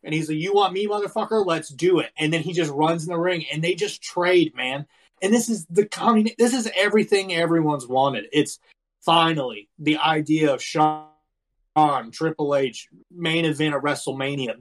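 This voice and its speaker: Male co-host in his thirties, lightly raised voice, animated and profane storyteller in casual chat. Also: on the high side, moderate pace. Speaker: podcast co-host. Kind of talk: casual wrestling review chat.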